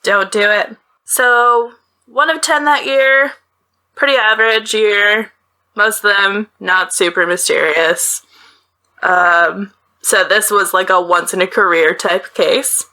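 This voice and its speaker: At a slow pace, a woman hosting a podcast tells a true-crime case in easygoing, chatty talk, breaking into laughing asides. Her mid-range voice comes across pushed and bright. She's from the northeastern United States, speaking from a small closet-like bedroom.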